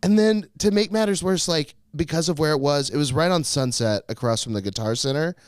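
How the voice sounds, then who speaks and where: A man co-hosting a podcast, telling a story in a casual and animated way, swearing a lot and putting on other people's voices in quotes. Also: on the high side, brisk, clean tone, no room sound. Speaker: podcast co-host.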